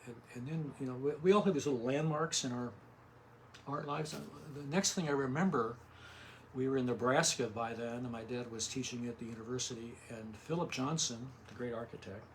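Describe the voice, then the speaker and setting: An older man talks about his art in a small home studio, with a mid-range voice. He speaks quietly and tends to trail off and restart his thoughts. A faint hum of the room sits under him. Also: medium pitch, fairly quick. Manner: soft-spoken, trails off and restarts. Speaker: artist guest. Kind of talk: casual interview.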